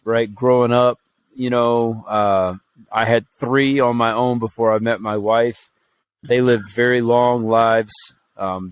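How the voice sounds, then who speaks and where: A man from Alabama co-hosting a podcast in loose, casual chat. He talks bluntly, swears freely and jokes about his own life. His voice sits at an ordinary middle pitch. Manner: blunt, profane, joking. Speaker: podcast co-host.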